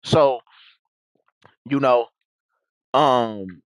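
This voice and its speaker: A man's voice: medium pitch, very slow, clean tone, dry recording, rough recording. A young man telling a story in casual, rambling talk, full of slang and repeated restarts.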